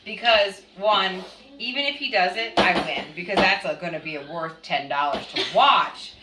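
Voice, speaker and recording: A woman's voice: medium pitch, normal speed. A woman, a mother, chatting casually as she tells a family story and acts out what others said. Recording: echoey room, voice from a distance, faint noise.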